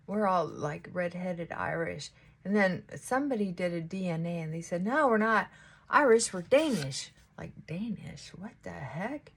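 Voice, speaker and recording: A woman's voice: lowish voice, husky. A middle-aged woman chatting casually to viewers while she does her makeup at home. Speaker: beauty vlogger. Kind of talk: casual get-ready-with-me chat.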